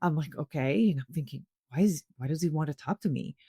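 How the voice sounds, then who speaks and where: A woman's voice: low voice, fairly quick, breathy edge, no echo, studio quality. Earnest middle-aged Canadian woman telling a story. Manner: earnest, animated retelling with frequent restarts. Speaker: podcast guest. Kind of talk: conversational storytelling.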